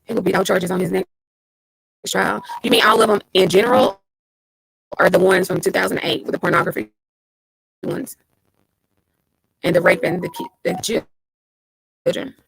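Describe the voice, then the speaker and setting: A woman's voice: lowish voice, fairly even intonation, normal speed, vocal fry, long pauses, fairly bright tone, husky, no echo, low-quality recording. A woman hosting a casual livestream, reading out viewer comments and greeting them by name. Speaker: livestream host.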